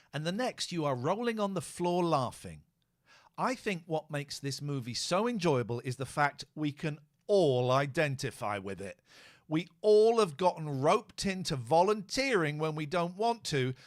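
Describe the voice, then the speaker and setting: A man's voice: on the high side, very animated, unhurried, no room sound, clean studio sound. A man hosting a casual podcast, chatting loosely and swearing freely while fussing over audio levels. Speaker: podcast host. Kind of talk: casual chat. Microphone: close studio mic.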